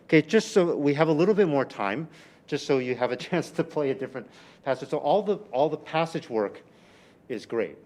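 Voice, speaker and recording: A man teaching a violin master class in a rehearsal room, coaching a student with lively, exaggerated phrasing and frequent restarts. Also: a little high, fairly quick. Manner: animated, exaggerated teaching delivery with repeated phrases.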